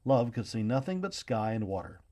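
A man reads a children's storybook aloud, his mid-pitched voice rising and falling with lively expression. The pacing is gentle and unhurried, suited to a young audience. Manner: expressive, gently paced reading.

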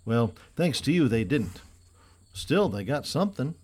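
A man reading aloud voices a foppish young city dandy, prissy and overly refined, his voice lifted a little higher than the narration. The manner is affected and airy, from an audiobook. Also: sing-song, a little slow, a little mellow, husky. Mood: chatty.

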